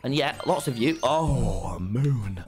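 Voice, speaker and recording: A man chatting to his chat while he plays a game, bouncing from mock outrage to dry, ironic banter. His voice leaps around, lively and expressive, and he swears freely. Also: mid-range voice, slow, soft background music. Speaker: streamer. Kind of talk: casual gaming livestream.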